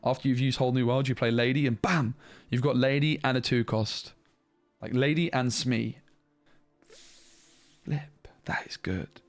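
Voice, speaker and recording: A man giving casual, animated commentary as he reviews trading cards, thinking aloud and restarting sentences as he goes. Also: mid-range voice, a little fast, no echo, soft background music. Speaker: card game reviewer.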